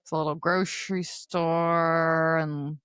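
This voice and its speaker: Woman in her thirties, podcast co-host, fairly low voice, dry close mic, wry deadpan chat. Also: takes it slowly, clean tone, no room sound. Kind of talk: casual chat.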